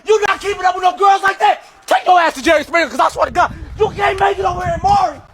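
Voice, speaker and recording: A man playing a bossy talk-show producer who yells profane, hurried orders at his cameramen. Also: very high-pitched, level tone. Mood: yelling orders. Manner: shouting, profane, hurried commands. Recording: echoey hall with crowd and noise.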